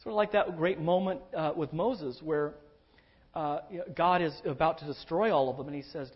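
A man with a high, husky voice preaching an expository sermon. His pitch leaps and swoops as he stresses key words, and the recording sounds dull and lo-fi. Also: moderate pace. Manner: emphatic and animated, drawing out key words.

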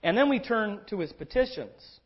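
A man preaching an expository sermon, emphatic and animated, drawing out key words for stress. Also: high voice, normal speed, breathy edge. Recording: dull lo-fi recording.

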